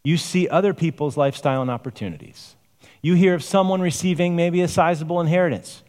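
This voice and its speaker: A man's voice: fairly high pitch, fast talker, darkish tone, big-room sound. A male pastor preaching a conversational sermon, asking rhetorical questions and sighing in asides.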